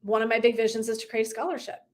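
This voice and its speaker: Rapid-fire and flat in delivery, a woman with a slightly high voice gives a live motivational talk as a wellness and life coach. She's emphatic and profane, laughing frequently and acting out short dialogues.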